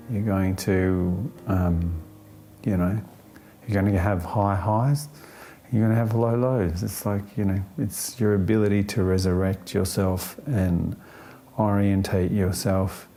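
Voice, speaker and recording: A man answering an interview question in a thoughtful, unhurried way, often pausing with fillers and restarting his sentences, with a gently upbeat tone. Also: lowish voice, fairly even intonation, slight background noise.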